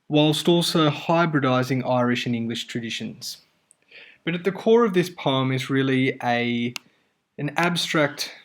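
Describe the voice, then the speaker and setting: A man teaching a lesson on a poem, in a measured, explanatory way with occasional fillers. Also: mid-range voice. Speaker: English teacher. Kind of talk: lecture on a poem.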